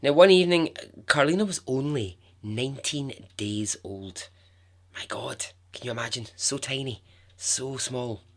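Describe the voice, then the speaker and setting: A man's voice: medium pitch, a little slow. Chatty man telling a story. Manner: chatty, expressive, with asides. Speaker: podcast host. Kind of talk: casual podcast storytelling.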